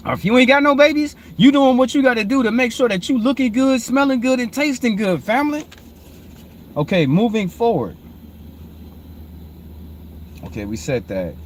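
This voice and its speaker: A man, hosting and preaching informally on proverbs, repeatedly calling listeners "family", swinging between low murmured reading and loud emphatic preaching. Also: animated, moderate pace, long pauses, a little hiss or hum. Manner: repetitive, calls listeners "family". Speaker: host.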